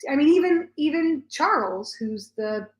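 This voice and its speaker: A woman's voice: sits high, expressive, a little slow. A woman in her forties talking casually as a podcast host, telling stories in a chatty way with many "like" fillers. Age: 40s. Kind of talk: casual chat. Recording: roomy echo.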